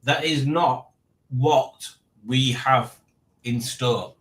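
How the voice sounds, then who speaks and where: A man's voice: mid-range voice, extremely slow, fairly bright tone, echoey room. A man hosting a live stream from home, casually chatting and reading out the chat with dry, playful teasing. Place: home room.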